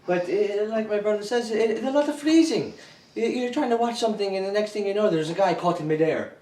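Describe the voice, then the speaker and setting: Fast-talking sarcastic man, high voice. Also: warm tone. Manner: quick sarcastic jabs. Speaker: podcast co-host. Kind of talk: casual banter over dinner. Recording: echoey room, distant mic, faint room noise.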